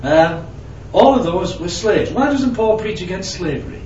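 A man preaching in a relaxed, chatty way, checking in with his listeners and telling little stories. His voice sits a bit high and carries through a roomy hall. The recording is distant and dull, with faint ambience behind it. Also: moderate pace, a little hiss or hum. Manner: conversational, asks the audience questions and tells anecdotes. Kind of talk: sermon.

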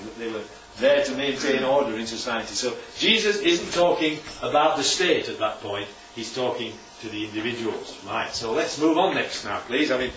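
A man's voice: medium pitch, a bit bright, slight background noise. A man preaching a sermon in a conversational way, often checking in with rhetorical questions. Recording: distant, echoey room, dull sound.

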